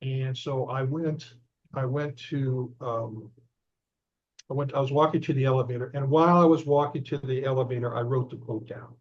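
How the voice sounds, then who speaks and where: Older guy spinning a long story, mid-pitched voice, muffled lo-fi sound. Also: moderate pace. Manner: animated anecdote-telling, recounting dialogue. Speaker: author and investigator, interview guest. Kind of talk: conversational storytelling. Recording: dull lo-fi audio.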